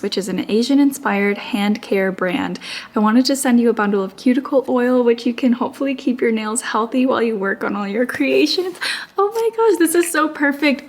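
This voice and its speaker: Gushing young woman vlogger. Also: a little hiss or hum. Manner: gushing, bursts into high excited exclamations. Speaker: small business artist and vlogger. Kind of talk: casual vlog voice-over, opening fan mail.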